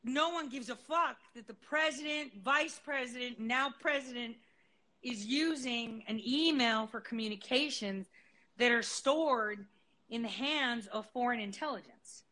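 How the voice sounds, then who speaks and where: A woman venting on a podcast, indignant and quick to swear. Her voice sits a little high and sounds bright and forward. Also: low-quality recording. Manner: indignant, profane, laughs easily. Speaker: podcast co-host. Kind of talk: casual political chat.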